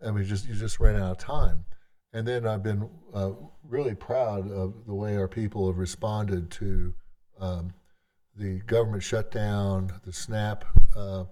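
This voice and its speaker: A man, a tribal government leader, giving an unscripted address to a legislative session, speaking in a halting, conversational way with frequent restarts. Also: on the low side, steady tone, warm tone.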